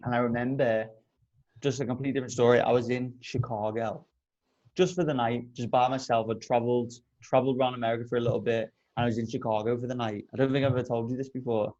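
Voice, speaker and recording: A man co-hosting a podcast, telling a long anecdote in casual chat, full of swearing and lively detail. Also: medium pitch, fast, muffled recording. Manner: animated, profane anecdote telling. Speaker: podcast co-host.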